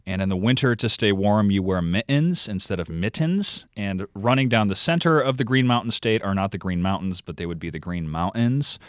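A man's voice: fairly low pitch, lively intonation, fairly quick, hardly any pauses, no room sound, clean studio sound. A man in a radio interview, explaining thoughtfully with some fillers. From Vermont. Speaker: radio reporter and podcast host.

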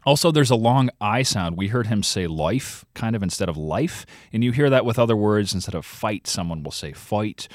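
A man's voice: lowish voice, animated, brisk, few pauses, dry recording. Man explaining in a dry studio. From Vermont. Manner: explanatory, thoughtful, with fillers. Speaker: radio reporter and podcast host. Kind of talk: radio interview guest explaining.

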